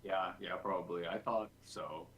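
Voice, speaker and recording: A man's voice: low voice, steady tone, normal speed, a bit bright, slight background noise, low-quality recording. A man streaming game development, thinking aloud in a casual, rambling way with lots of fillers. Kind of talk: casual dev stream chat.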